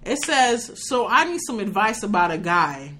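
A woman co-hosting a podcast, chatting casually in loud, lively banter full of laughter. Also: mid-range voice, moderate pace, a little hiss or hum. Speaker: podcast co-host. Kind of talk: casual chat.

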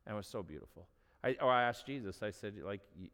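A pastor preaches in a plain, earnest, conversational way and drops in casual asides. He is a man with a somewhat low voice. The sound rings with the long reverb of a church hall. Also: expressive, fast, fairly bright tone. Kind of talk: sermon.

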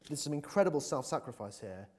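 Male preacher, mid-pitched, casual sermon delivery with ums, rising to fervent calls to the congregation. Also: big pitch swings, fast. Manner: earnest, hesitant with many fillers, builds to emphatic appeals. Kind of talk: conversational sermon.

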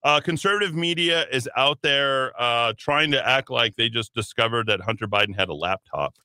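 A man's voice: mid-range voice, lively intonation, moderate pace, bright, forceful tone, smooth, no echo. A man hosting a talk radio show, rambling and sardonic, with many fillers and asides. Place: radio studio.

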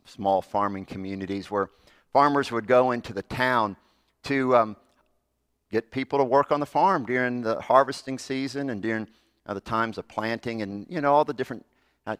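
A man preaching a sermon as a Methodist pastor, telling stories earnestly, building up and then dropping soft. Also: on the low side, no room sound, studio quality. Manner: earnest storytelling, swells louder in stories then drops soft.

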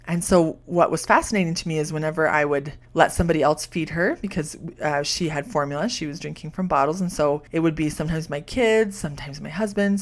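Woman with a low voice, life coach, chatty podcast storytelling, reassuring, lots of fillers. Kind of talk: podcast monologue.

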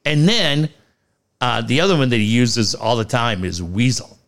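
A man in casual sports banter with a lively, swooping voice that jumps high when he gets worked up. He laughs at his own jokes and talks with easy, animated energy. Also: normal speed. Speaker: podcast co-host.

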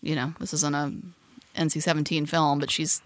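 A woman's voice: low-pitched, level tone, normal speed, no room sound. A woman co-hosting a casual movie podcast, brash and playful, bantering and breaking into bits of song. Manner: brash, playful, sings snippets. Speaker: podcast co-host.

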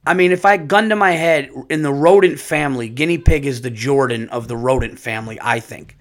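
A man's voice: mid-range voice, brisk. Rambling man telling comic stories. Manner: rambling, animated storytelling with profanity. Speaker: podcast host and comedian. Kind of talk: casual comic monologue.

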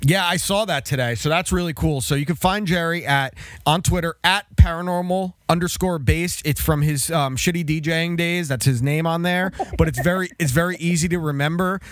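A man's voice: fairly high pitch, brisk, fairly bright tone, dry recording, faint music behind. A man hosting a podcast in casual chat, swearing and teasing his guest. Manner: profane, teasing. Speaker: podcast host.

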